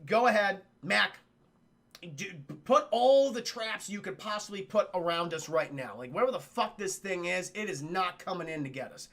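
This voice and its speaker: Picture a tough squad leader in a jungle, snapping curses and orders, as a man puts him on. The voice sits high, with a gravelly catch. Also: lively intonation, normal speed, fairly bright tone. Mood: commanding. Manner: blunt, profane orders. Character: gruff male commando squad leader barking orders.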